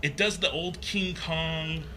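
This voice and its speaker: A man guest on a podcast, telling a personal story in a casual, animated way, acting out the voices he quotes and using plenty of fillers. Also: fairly high pitch, slow pace, slight background noise. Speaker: podcast guest, haunted maze builder.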